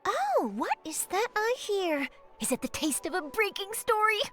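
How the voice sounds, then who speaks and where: Nosy young reporter, high voice, lively and theatrical, game music behind. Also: female voice, moderate pace. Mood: dramatic. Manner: theatrical, gossipy, mutters asides to herself. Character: nosy young female newspaper reporter, eager for scoops. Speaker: journalist.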